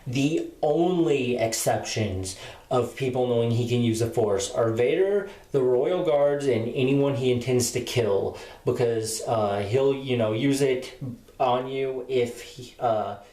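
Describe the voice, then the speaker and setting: A man's voice: medium pitch, a little slow, mellow. A man giving a casual spoken book review, retelling the plot in a rambling way with many fillers. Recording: roomy echo.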